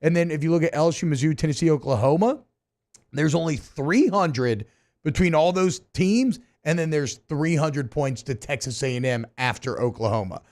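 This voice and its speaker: A man co-hosts a sports radio talk show with a fairly high voice. He talks quickly and wryly, moving between jokes and analysis in casual studio banter. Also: a little mellow.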